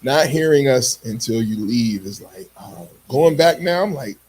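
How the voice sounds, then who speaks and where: A man's voice: medium pitch, unhurried, slight background noise, rough recording. A man from Pittsburgh with a Pittsburgh accent, co-hosting a casual chat with lots of laughter. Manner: laughing, animated storytelling. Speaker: podcast co-host.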